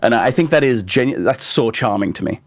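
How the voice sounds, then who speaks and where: A young man co-hosting a casual podcast, talking eagerly and halting over his words with many restarts. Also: mid-range voice, animated, dry recording. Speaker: podcast co-host. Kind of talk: casual chat.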